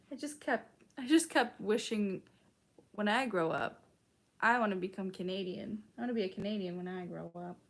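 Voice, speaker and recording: Young woman from chicago just chatting with her chat, says "like" a ton, swears casually. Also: mid-range voice. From Chicago, United States. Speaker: streamer reading chat.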